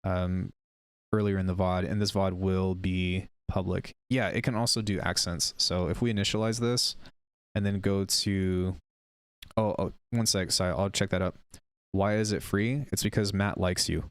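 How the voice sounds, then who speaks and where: A male music producer on a casual live stream, chatting with viewers while demoing software, rambling and unsure of himself. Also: sits low, fairly even intonation, moderate pace, smooth, no room sound.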